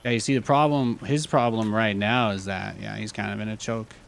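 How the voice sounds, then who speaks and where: Gravelly-voiced man casually commentating a game. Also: on the low side, fairly quick. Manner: relaxed, chatty, repeats himself, gets heated. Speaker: streamer playing a strategy game.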